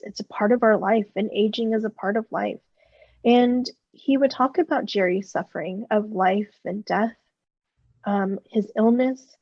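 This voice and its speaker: A woman's voice: a little high, no echo, lo-fi sound. A woman Buddhist minister giving a personal dharma talk at an online seminar, speaking in an earnest and reflective way and sharing her own feelings candidly.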